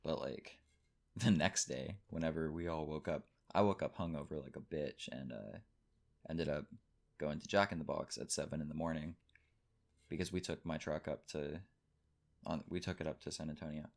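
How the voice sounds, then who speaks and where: A man's voice: rumbling low, steady tone, moderate pace, vocal fry. A young man in his late teens from Texas, telling a rambling, casual party story over gameplay. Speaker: gaming channel host.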